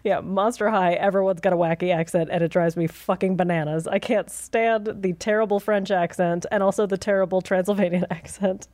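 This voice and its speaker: A woman's voice: lowish voice, steady tone, fairly quick, hardly any pauses, a little mellow, no echo. A woman co-hosting a casual talk show, teasing and profane, laughing often. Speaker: podcast co-host. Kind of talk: casual chat.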